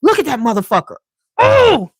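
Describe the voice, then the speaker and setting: A woman's voice: medium pitch, lively intonation, normal speed, dry recording. A woman hosting a beauty channel in a casual livestream chat at home. She talks straight to viewers, swears freely, and wears a clip-on mic.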